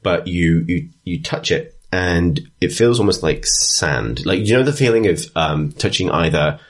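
A man running a tabletop game, his low voice husky at the edges. He describes scenes in rambling, stop-start phrases. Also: lively intonation, a little slow. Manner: rambling, full of ums and restarts. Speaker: game master. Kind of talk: improvised tabletop narration.

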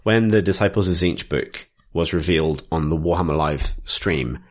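A man with a very low voice talks through tabletop game rules at length in a casual chat. He rambles, restarts sentences and fills pauses while piling up detail. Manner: rambling, detailed explainer with frequent fillers and restarts.

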